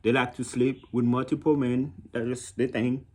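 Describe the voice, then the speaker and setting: A man's voice: mid-range voice, flat delivery, normal speed, a little mellow, husky. A man with a Haitian accent giving blunt, mocking dating advice in a casual monologue, often repeating himself.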